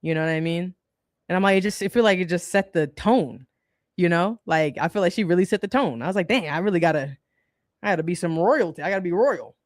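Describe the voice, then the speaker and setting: A woman's voice: on the low side, quick pace, dry recording. Casual woman livestream host, dry close sound. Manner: conversational, colloquial, laughs often.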